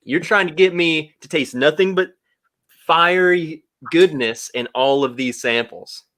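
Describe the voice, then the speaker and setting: Playful man with a fairly high voice. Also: measured pace, a bit bright. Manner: teasing, playful, mock-suspicious banter. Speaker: guest reviewer on a livestream. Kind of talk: casual livestream chat.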